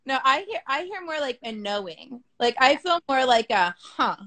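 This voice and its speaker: A woman's voice: sits high, very animated, normal speed, sharp tone. A woman talking frankly and casually in an interview, with many fillers and the odd swear word. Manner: frank, chatty, sprinkled with swearing and "like". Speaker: business coach being interviewed.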